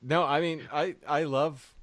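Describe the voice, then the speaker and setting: A man speaking as a guest on a political podcast, measured and a little hesitant. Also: on the high side, steady tone, fairly bright tone, dry recording, clean studio sound.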